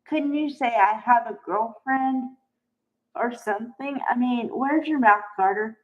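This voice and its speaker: A middle-aged woman giving a casual, animated recap of soap episodes, exasperated and acting out the characters' lines. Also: fairly high pitch, unhurried. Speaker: soap opera recap host. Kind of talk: casual recap and opinion vlog. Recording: slightly dull lo-fi recording.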